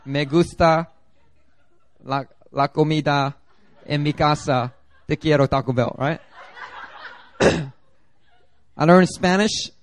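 A Philadelphia-area pastor with a fairly high voice preaches a sermon through animated, jokey storytelling, sometimes slipping into mimicked voices. His delivery is lively and conversational, captured close and dry with no room echo.

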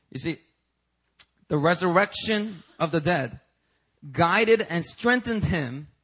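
Husky high-voiced man preaching. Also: a bit bright. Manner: emphatic, rising rhetorical questions. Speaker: pastor. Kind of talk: sermon. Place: church service.

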